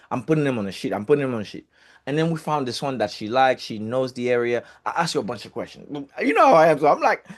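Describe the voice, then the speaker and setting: A man telling a personal story in a casual, chatty way, with swearing and filler words. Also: mid-range voice. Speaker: real estate group speaker.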